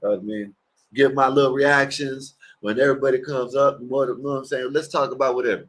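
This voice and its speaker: A man hosts a livestream, giving rambling, crude and mocking reactions to clips in a casual, profane commentary. He speaks quickly in a medium-pitched voice with fairly even intonation.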